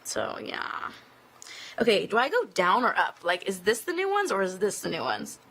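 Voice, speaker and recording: Streaming live from her phone inside an office building, a woman answers fan questions casually, rambling between thoughts and leaning heavily on "like." Her mid-range voice is gravelly and fry-tinged, a bit bright, with huge pitch swings at a normal speed.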